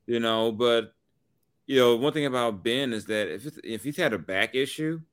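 A man co-hosting a sports talk show, rambling and animated, with many restarts. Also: medium pitch, moderate pace, clean tone, dry recording. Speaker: sports radio co-host.

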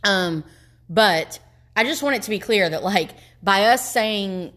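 A woman's voice: medium pitch, measured pace, a bit bright. A young adult woman co-hosting a podcast, talking casually in a rambling, self-interrupting way and laughing often. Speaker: podcast co-host. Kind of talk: casual chat.

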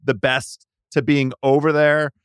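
A man's voice: medium pitch, little pitch movement, a little slow, clean tone, dry recording, studio quality. A man as a podcast guest in casual sports chat, rambling and restarting his sentences often. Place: Washington DC.

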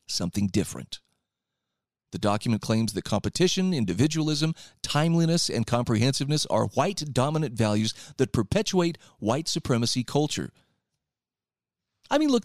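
A man's voice: mid-range voice, no room sound, studio quality. A man hosting a talk radio show, reading out and commenting on articles in a sarcastic, opinionated way.

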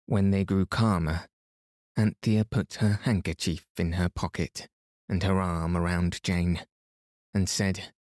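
Man, very low voice, unhurried bedtime reading, dry close sound. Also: no echo. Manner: slow, soothing and even, lightly voicing the children. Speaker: podcast host and bedtime story reader. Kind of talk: calm bedtime story reading.

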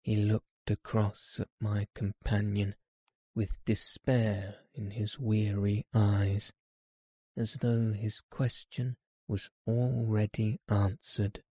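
A man narrating a classic story in a slow, measured audiobook reading. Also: fairly low pitch, level tone, warm tone, husky, dry recording, studio quality.

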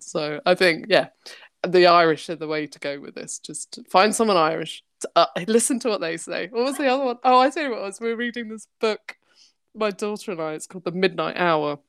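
A woman with a lowish voice chats as a guest on a podcast. She laughs a lot and swears without a second thought. The sound is close and dry, with no room echo. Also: a little fast, vocal fry, smooth. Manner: laughs often, swears freely, chatty. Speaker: comic artist guest. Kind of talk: casual chat.

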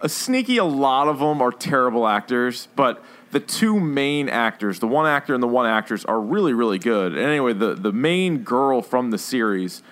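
A man's voice: medium pitch, lively intonation, normal speed, few pauses, fairly bright tone. A man hosting a podcast in casual chat, joking, laughing and swearing freely. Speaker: podcast host.

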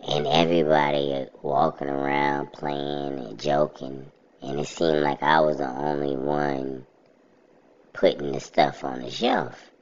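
A man's voice: rumbling low, fairly even intonation, unhurried. A young man, telling a story in a laid-back, chuckling way during an interview. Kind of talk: casual storytelling. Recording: slightly muffled audio.

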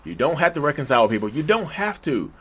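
A man hosting his own channel, talking straight to his viewers in a casual, animated way that often gets loud and hyped. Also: on the high side, fast, husky. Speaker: YouTube channel host. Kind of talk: casual direct-to-camera talk.

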